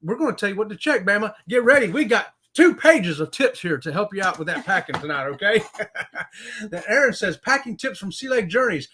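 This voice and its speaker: A man's voice: high voice, sing-song, brisk, pushed and bright, slight background noise. Upbeat man hosting a live chat. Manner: playful, jokey, laughs often, greets viewers by name. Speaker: livestream co-host.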